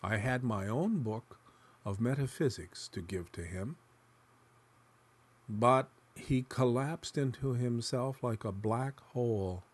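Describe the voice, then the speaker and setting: A man reading literary fiction aloud in the first person, musing and dramatic, sometimes dropping to a hush. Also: mid-range voice, slow pace, slightly rough. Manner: dramatic, shifting between musing and hushed tones. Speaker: narrator.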